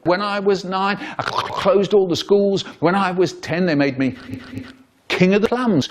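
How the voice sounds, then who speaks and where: A man telling comic stories in a theatrical, animated way, cut up and re-edited. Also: high-pitched, unhurried. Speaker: children's storyteller. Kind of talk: chopped-up comic storytelling.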